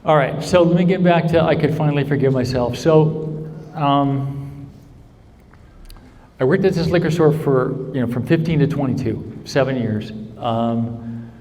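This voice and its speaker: A man's voice: mid-range voice, measured pace, darkish tone. A man telling his own recovery story to a convention crowd, in earnest storytelling with frequent "right?" checks. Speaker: recovery speaker. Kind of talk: personal testimony talk. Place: large convention hall. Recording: convention hall with long reverb.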